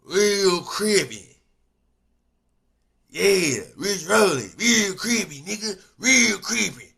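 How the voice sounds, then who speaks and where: Man putting on a shouting gang member, bragging, high-pitched, very loud. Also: quick pace, gravelly, breathy edge, full character voice. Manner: shouting, boastful, repeating himself.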